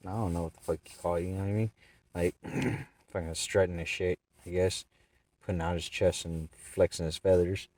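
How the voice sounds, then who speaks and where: A man's voice: deep voice, dark tone, no room sound, far from the mic. A man in a casual vlog, telling a rambling, profane story and acting out the people he quotes. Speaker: vlogger. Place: in his car.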